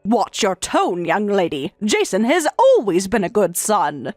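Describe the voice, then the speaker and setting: A woman's voice: mid-range voice, wildly swooping pitch, a little slow, darkish tone, dry recording, soft background music. A synthetic woman's voice reading a domineering older mother-in-law who lectures and scolds. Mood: scolding. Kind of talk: text-to-speech story reading.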